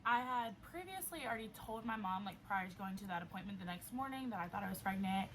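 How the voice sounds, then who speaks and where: A woman's voice: medium pitch, lively intonation, fast talker, a bit bright, poor audio. A woman in her twenties casually telling a personal story to camera, filling her talk with "like". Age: 20s. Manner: chatty, fills speech with "like". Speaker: vlogger. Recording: faint background noise, level cutting in and out.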